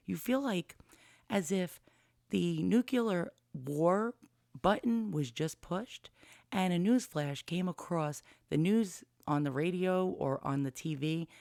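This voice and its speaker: A woman in her fifties, a vlogger, tells a personal story candidly and in a rambling way, swearing bluntly. Her voice is low with vocal fry and a darkish tone, recorded into a studio mic with a pop filter and no echo.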